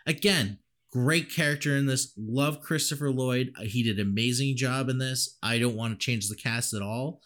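Guy rambling about a movie, laughs a lot, swears here and there, normal pitch. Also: moderate pace, a bit bright. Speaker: podcast co-host. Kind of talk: casual movie review chat.

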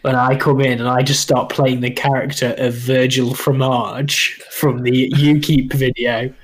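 A young man telling animated, sweary gaming stories through laughter. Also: medium pitch, unhurried. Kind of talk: casual gaming chat.

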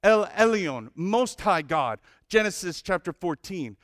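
A male pastor preaching a sermon, listing names of God with lively emphasis and humorous asides. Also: sits high, a little slow, dry recording, clean studio sound.

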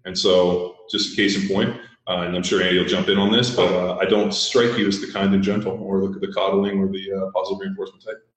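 Male podcast host, low-pitched, blunt and profane storyteller, strong room echo. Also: flat delivery, fast talker. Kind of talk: casual storytelling chat. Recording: very echoey room.

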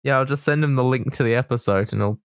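A man's voice: medium pitch, fast, clear, resonant tone, dry recording. A man co-hosting a podcast in casual, joking chat, laughing often. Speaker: podcast co-host.

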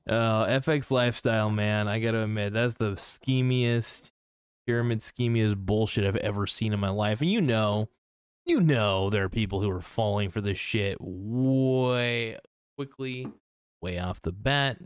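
This podcast host has a low, clear, resonant voice and keeps a measured pace. His casual rant is blunt and skeptical, heavy on swearing and filler words, recorded cleanly in a studio with no room sound.

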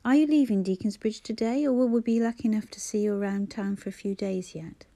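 A gallant local shopkeeper , read by a woman speaks with a mellow, soft tone. He is courteous and lightly teasing in an audiobook scene. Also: mid-range voice, fast, no room sound, natural voice. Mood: friendly. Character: local man, shop owner, gallant and chatty.

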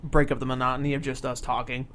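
A man's voice: mid-range voice, level tone, quick pace, a bit bright. A young man co-hosting a podcast, chatting casually with many fillers and restarts. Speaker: podcast co-host. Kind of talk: casual chat.

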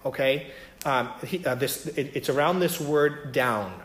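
Unhurried and a bit bright, a medium-pitched man leads an informal Bible teaching in a room with echo. His style is chatty, full of filler words and "right?" checks to make sure listeners are with him.

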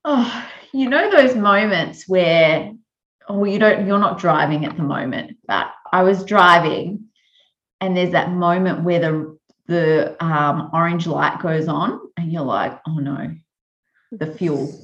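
A woman co-hosting a podcast in casual chat, reflective and quick to laugh. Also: on the low side, a bit bright. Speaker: podcast co-host. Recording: dull roomy sound.

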